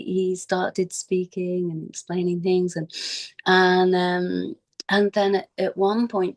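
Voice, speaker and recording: Soft-spoken woman with a gravelly edge. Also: mid-range voice, poor audio. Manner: halting, with many fillers and restarts; soft, dropping at times to a near whisper. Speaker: devotee giving a memorial homage. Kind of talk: informal spoken remembrance.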